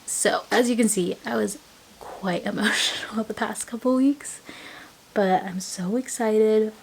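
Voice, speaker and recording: A young adult woman sharing a casual personal vlog in a soft voice that often drops to a half-whisper, with small laughs along the way. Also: medium pitch, measured pace, vocal fry, a little hiss or hum, rough recording. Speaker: vlogger.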